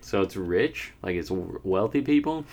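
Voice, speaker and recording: A man's voice: low-pitched, lively intonation, moderate pace, a little mellow, slight background noise. A man taking part in a casual podcast chat, talking in a playful, joking way.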